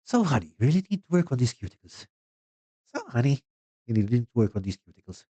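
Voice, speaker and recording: This is a nagging gum-chewing New Yorker voiced by a man with an attempted New York accent. The voice jumps well above his usual low register. It has a dry, close sound. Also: big pitch swings, fast talker, dark tone, no room sound.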